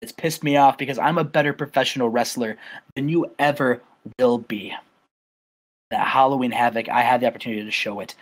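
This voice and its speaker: A man's voice: steady tone, natural voice, low-quality recording. A man voicing a resentful male wrestler who stumbles over his words. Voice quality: low, halting, stumbling.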